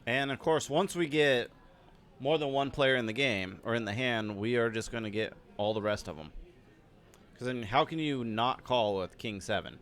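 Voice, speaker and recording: A man's voice: mid-range voice, moderate pace, fairly bright tone. A man co-hosting live poker stream commentary with easygoing, dry remarks.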